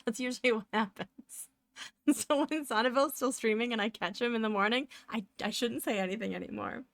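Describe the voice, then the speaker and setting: A woman's voice: fairly high pitch, brisk, dry recording, clean studio sound. A woman live streaming as she draws, chatting casually and rambling as she narrates her work and often laughs. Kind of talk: casual chat while drawing live.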